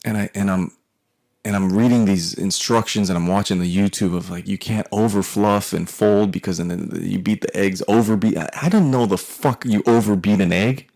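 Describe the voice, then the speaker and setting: Man in his forties, very low gravelly voice, swears freely while telling a rambling family story. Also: darkish tone. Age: 40s. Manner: profane, rambling, wry. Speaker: artist telling a personal story. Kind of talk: casual storytelling monologue.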